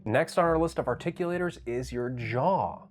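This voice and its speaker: A man's voice: medium pitch, animated, normal speed, soft background music. A man teaching voice acting in a casual video tutorial, demonstrating each technique as he explains it.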